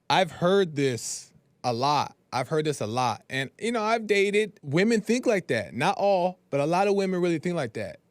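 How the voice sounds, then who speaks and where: A man's voice: a little high, dry recording. Earnest man lecturing on a podcast. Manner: earnest, lecturing, repeats himself. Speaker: podcast host. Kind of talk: opinion commentary.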